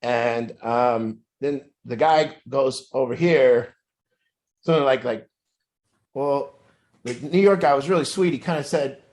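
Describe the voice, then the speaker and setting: A man telling a long personal story in a casual, rambling way, with many fillers and restarts, putting on a higher voice for quoted lines. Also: a little slow, darkish tone. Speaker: group speaker telling a story.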